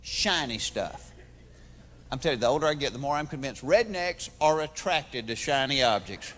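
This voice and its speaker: A Georgia man with a Southern accent does a folksy stand-up routine on a large theater stage before an audience, telling stories with voices. His mid-range voice is animated, fairly quick and a bit bright, carried by the big hall with a little hiss or hum.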